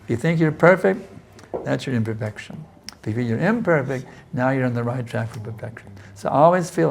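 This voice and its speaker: This spiritual teacher fields questions during a casual scripture class, his mid-range, gravelly voice animated and fairly quick, with a faint hiss or hum in the audio. He often restarts or says "you see," occasionally acting out prayers with intense pleading.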